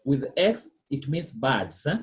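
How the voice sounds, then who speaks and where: A man's voice: medium pitch, very animated, slow. A man tutoring a student in French one on one, patient, repeating words and checking with "okay?". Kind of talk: one-on-one language lesson.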